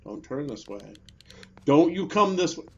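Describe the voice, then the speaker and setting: A man giving let's play commentary on a horror game, swinging between muttered grumbles and angry yelled curses. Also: on the high side, sing-song, unhurried, husky, muffled recording. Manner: swings from mutters and whispers to angry shouting, swears a lot. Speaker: gaming video host.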